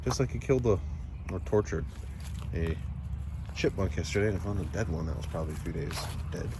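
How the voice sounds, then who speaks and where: A man vlogging on a walk with his cat outdoors, chatting in a soft, rambling way. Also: low voice, expressive, a little fast. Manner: soft-spoken, rambling, coos baby talk to his cat. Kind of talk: casual chat, talking to his cat and viewers. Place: outdoors in woods near a house. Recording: noticeable outdoor background noise.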